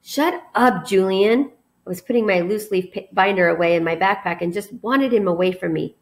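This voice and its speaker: Friendly teacher reading a story aloud. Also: female voice, lowish voice, fast talker. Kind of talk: storybook read-aloud narration.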